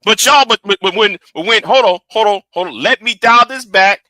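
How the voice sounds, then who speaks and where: A man hosting a live stream, reacting to clips in excitable commentary and repeating words as he builds a point. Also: high voice, normal speed, no room sound.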